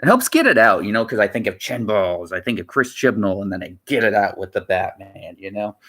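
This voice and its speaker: Bright-toned rambling male streamer. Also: fairly low pitch, fairly even intonation, brisk. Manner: rambling, repeats himself, many "you know" fillers. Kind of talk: casual livestream chat.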